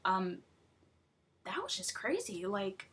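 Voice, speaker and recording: A young woman vlogging casually, chatty and rambling, full of fillers and excited asides. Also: medium pitch, slow pace, husky. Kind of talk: casual chat about a TV show.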